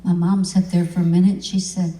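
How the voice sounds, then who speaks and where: A woman's voice: fairly low pitch, flat delivery, fast talker, warm tone, distant mic, slight background noise. A woman country singer telling a story on a live stage, chatty and self-mocking. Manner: chatty, self-mocking, laughs as she tells it. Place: large convention hall stage. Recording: echoey live hall, from afar.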